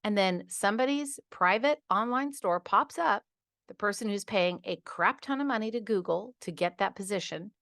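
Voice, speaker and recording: Animated, exasperated woman podcast host. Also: mid-range voice, normal speed, creaky, no echo, clean studio sound. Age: middle-aged. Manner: acts out patients in quoted asides. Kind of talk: casual podcast monologue.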